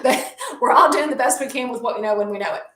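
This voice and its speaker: Middle-aged female counselor, lively and self-deprecating, slightly high voice, roomy echo from a video call. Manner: lively, chatty, self-deprecating with quick asides. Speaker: counselor and guest. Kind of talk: casual conversation. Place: small office room.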